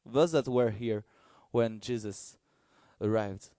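Male preacher, earnest and halting, dry close sound. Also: fairly low pitch, no echo. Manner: halting, searching for words, earnest; gets excited and loud in bursts. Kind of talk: sermon.

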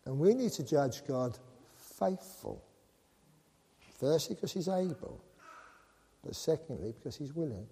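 Lively preacher in a reverberant hall. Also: male voice, a little high, unhurried, long pauses, husky. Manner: animated, joking with the congregation. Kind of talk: sermon. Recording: long reverb of a large hall.

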